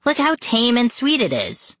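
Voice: mid-range voice, wildly swooping pitch, measured pace, a bit bright, no room sound, pitched above the performer's own voice. A reader voicing a pushy, teasing girl, the older sister, in a bossy and impatient way. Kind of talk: audiobook character voice.

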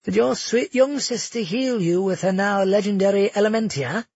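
Guy doing a mocking villain lord, high pitched and husky, dull sound. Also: normal speed, darkish tone, no room sound. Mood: taunting. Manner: taunting, cold, mocking. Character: sly vengeful male nobleman villain.

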